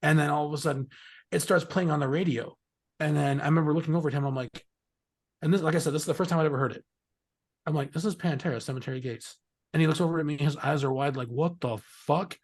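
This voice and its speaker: A middle-aged man, a guest on an interview, rambles through casual stories, swearing freely and laughing often. His voice sits on the high side with fairly even intonation, and he talks fast.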